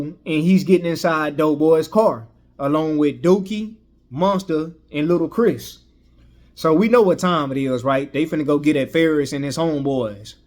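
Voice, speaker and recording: A man's voice: a little high, a little mellow. A man reviewing a movie in a casual recap, rambling with frequent "you know" fillers and restarts.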